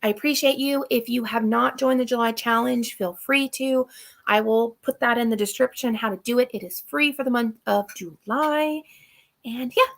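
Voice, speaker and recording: A woman's voice: a little high, moderate pace, gravelly. A woman hosting a live Q&A stream and chatting casually. She gives practical tips and repeats her key points for emphasis. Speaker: channel host. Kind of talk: live Q&A chat.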